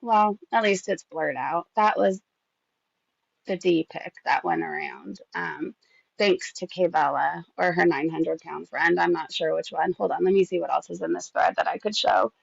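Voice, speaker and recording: A woman's voice: lowish voice, a little slow, creaky, husky, no room sound, highs cut off. A woman hosting a gossip channel, reading out screenshots in casual, sarcastic commentary that swears freely and keeps getting distracted.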